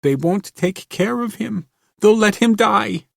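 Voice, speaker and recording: Guy doing a terrified young woman, whimpery high voice, breathy, storybook reading. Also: takes it slowly, mellow, dry recording, clean studio sound. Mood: frightened, hysterical. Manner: high whimpering hysterical cries. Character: frightened young woman jailed, tearful.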